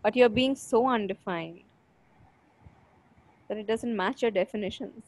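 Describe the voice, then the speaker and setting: A woman's voice: mid-range voice, measured pace, poor audio. A young woman coaching a participant, playful and full of questions. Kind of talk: coaching conversation.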